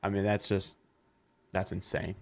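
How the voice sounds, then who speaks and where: A man's voice: sits low, flat delivery, unhurried, creaky. A man hosting a fishing podcast, chatting casually and enthusiastically with his guests. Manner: enthusiastic, congratulating. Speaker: podcast host. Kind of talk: casual interview chat.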